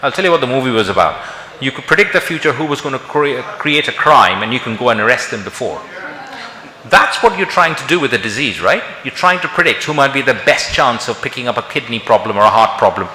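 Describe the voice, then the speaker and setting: A man's voice: medium pitch, animated, fast talker, pushed and bright. A middle-aged man from India giving a conference lecture as a doctor, talking in a conversational way full of rhetorical questions. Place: large conference hall. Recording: echoey hall with long reverb.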